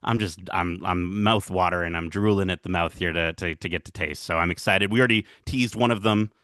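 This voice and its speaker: A man with a lowish voice chats casually as a podcast guest, rambling through his points with plenty of energy. He laughs easily, and his voice sounds close and dry. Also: fairly quick, no room sound. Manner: rambling and excitable, laughs often.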